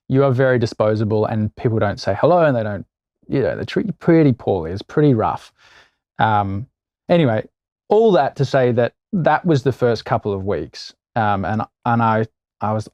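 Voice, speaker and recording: An Australian actor guest telling anecdotes in a casual interview, animated and acting out quoted voices. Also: male voice, lowish voice, dry recording, lo-fi sound.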